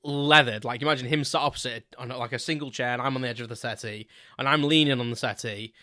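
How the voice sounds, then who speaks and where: A British man hosts his own podcast, spinning a chatty, rambling anecdote peppered with casual swearing. His voice is bright and forceful, recorded dry and close with no room sound. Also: mid-range voice, steady tone, fast talker, no room sound. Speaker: podcast host. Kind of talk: casual solo storytelling.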